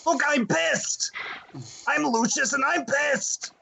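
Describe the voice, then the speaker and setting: Man putting on a creaky, high-pitched aggrieved Lucius. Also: takes it slowly, bright, forceful tone, slight background noise, full character voice. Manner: petulant, aggrieved complaining. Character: touchy, easily upset man obsessed with haircuts. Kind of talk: prank phone call.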